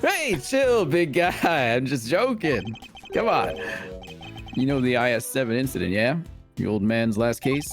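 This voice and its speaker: A man voicing a brash young male investigator who talks in breezy, old-fashioned slang. The delivery swoops up and down in a lively way as he teases and tells stories, with faint music in the background. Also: medium pitch, unhurried. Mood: teasing. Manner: breezy, teasing storyteller slang. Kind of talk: live voice-over of a video game.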